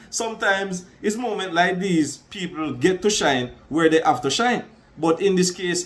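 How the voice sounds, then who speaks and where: A man with a Jamaican accent talks through a match in a casual monologue. His voice sits high, and he keeps adding "trust me" and "you understand me". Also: fairly bright tone. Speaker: sports commentator. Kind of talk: casual sports talk monologue.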